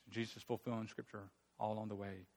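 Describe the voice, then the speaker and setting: A man preaching a sermon, retelling a Bible story in a conversational, animated way. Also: on the low side, fast talker.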